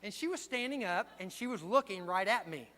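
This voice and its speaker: High-voiced older pastor in a reverberant hall. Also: male voice, lively intonation, a little fast. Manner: storytelling, swinging from hushed to loud. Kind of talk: sermon. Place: church sanctuary. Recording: long hall reverb with mains hum.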